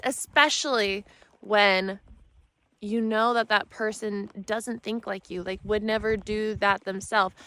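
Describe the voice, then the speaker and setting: A woman spiritual mentor talking in a soft, rambling, earnest way for her vlog, filming herself on a phone at arm's length while riding outdoors. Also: mid-range voice, clean tone, no echo, poor audio. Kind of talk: casual self-help vlog talk. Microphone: phone held at arm's length.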